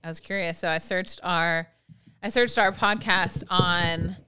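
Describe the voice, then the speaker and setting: A woman's voice: on the low side, fairly even intonation, measured pace, bright, forceful tone, clear, resonant tone. A middle-aged woman co-hosting a podcast, chatting in a bubbly, gushing, self-deprecating way. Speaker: podcast co-host. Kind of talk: casual podcast chat.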